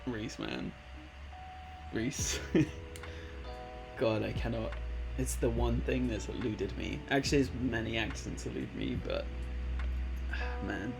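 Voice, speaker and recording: A man's voice: on the low side, lively intonation, slow, gravelly, long pauses. A man in his late twenties streaming live, chatting casually and reading viewers' messages aloud in a laid-back, rambling way. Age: late 20s. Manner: laid-back, rambling, reads chat aloud, calls people man and bud. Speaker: Twitch streamer. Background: background music.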